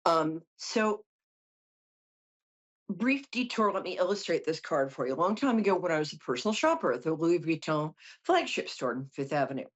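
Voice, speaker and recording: A middle-aged woman reads tarot for callers in a loose, joking style full of side stories. Her voice is husky and sits low, but it swings animatedly up and down. The sound is dull and lo-fi, like broadcast radio. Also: very animated, moderate pace. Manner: chatty, joking asides. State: tired from no sleep. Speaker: psychic host. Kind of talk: casual tarot reading on call-in show.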